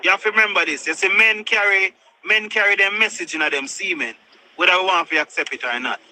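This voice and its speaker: A Jamaican man holds his ground in a heated online chat debate, circling back to the same points again and again. His voice sits high and rings with a sharp, very bright edge. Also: a little fast, slight background noise, poor audio. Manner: insistent, repeats himself, patois-heavy. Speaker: group chat participant.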